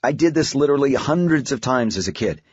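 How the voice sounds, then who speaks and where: Man doing a middle-aged dad, coaxing and playful, husky, sound kinda muffled. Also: medium pitch, lively intonation, fast, darkish tone, dry recording, voice pushed up. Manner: coaxing, lightly raised. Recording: dull, muffled audiobook recording.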